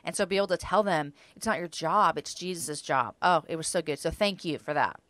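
A woman's voice: on the low side, fairly quick, no echo. A woman hosting a podcast, chatting casually about faith and often affirming her guest. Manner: warm, chatty, affirming with frequent yeahs. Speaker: podcast host.

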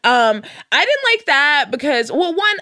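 Lively, bright-voiced young woman chatting. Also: high-pitched, a little slow, no room sound, studio quality. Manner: animated, jokey, puts on voices for quotes. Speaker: podcast host. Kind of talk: casual comedic chat.

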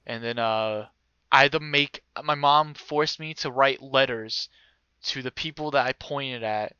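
A young man tells a story among friends in a bright, crisp voice. He is animated, laughs through his lines and swears freely. The mic is close and dry. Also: mid-range voice, unhurried, dry recording, muffled recording. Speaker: storyteller in group chat. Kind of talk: casual chat.

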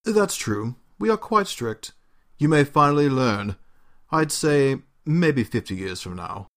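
A man voicing a stern, condescending male butler in a deliberately bad British accent, reading from a game script. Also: medium pitch, big pitch swings, pitched above the performer's own voice. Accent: bad put-on British. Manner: curt, scolding, condescending. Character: stern prim male butler, former noble.

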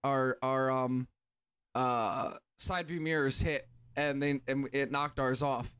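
A man's voice: mid-range voice, fairly even intonation, slow pace, a bit bright, clear, resonant tone. A man co-hosting a podcast, telling a rambling story in casual chat. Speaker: podcast co-host.

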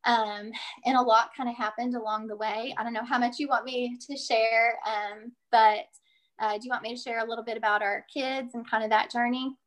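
A woman's voice: on the high side, steady tone, brisk, a bit bright. A middle-aged woman telling a personal story as an interview guest, chatty and earnest, with many fillers. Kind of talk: casual storytelling.

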